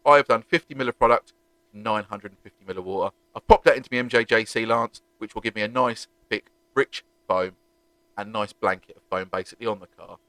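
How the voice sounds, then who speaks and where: A man's voice: fairly low pitch, fairly quick, a bit bright, no echo. A man, chatting animatedly and jokily as he reviews car-cleaning products for his vlog. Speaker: car detailing vlogger.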